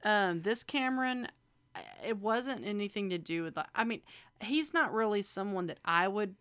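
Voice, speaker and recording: A woman chats casually as a co-host, with a bright, sharp tone. She talks freely, full of fillers, and laughs often. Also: mid-range voice, lively intonation, moderate pace, smooth. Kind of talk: casual chat.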